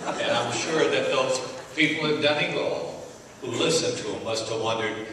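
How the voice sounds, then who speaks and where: An older man giving a speech at an awards ceremony, telling a story with gentle humor. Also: mid-range voice, moderate pace. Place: large hall at an awards banquet. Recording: echoey hall, distant mic, faint noise.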